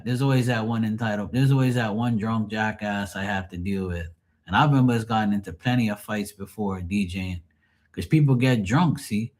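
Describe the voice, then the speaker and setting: A man telling cruise stories on a livestream, casual, profane and animated. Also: medium pitch. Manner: profane, animated, mimics people. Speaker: tarot reader and streamer.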